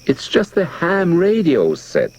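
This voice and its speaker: A man's voice: fairly high pitch, wildly swooping pitch, takes it slowly, a little hiss or hum, voice pushed up, exaggerated voice, rough recording. A man voicing an anxious pleading wife.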